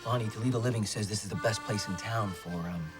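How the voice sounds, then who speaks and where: A man's voice: fairly low pitch, fast, over music, lightly acted. A man acting a bumbling, evasive boyfriend in a sitcom.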